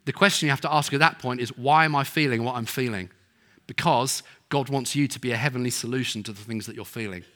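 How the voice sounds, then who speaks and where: A man's voice: medium pitch, fast, fairly bright tone. A middle-aged man preaching a sermon, telling stories and acting out the people in them. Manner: storytelling, acts out quoted voices.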